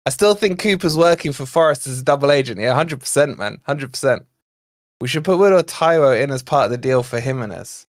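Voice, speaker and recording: A man hosting a live fan watch-along, commentating on play and chatting with viewers, excitable and quick to shout at near misses and fouls. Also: medium pitch. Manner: chatty, talks to viewers and co-host. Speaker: fan channel host.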